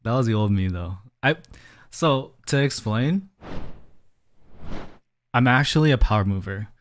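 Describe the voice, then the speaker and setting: A man's voice: medium pitch, lively intonation, measured pace, a little hiss or hum. A man streaming live from a small room, chatting casually and rambling to his viewers, a little out of breath. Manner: chatty, rambling, talks to chat as "fam".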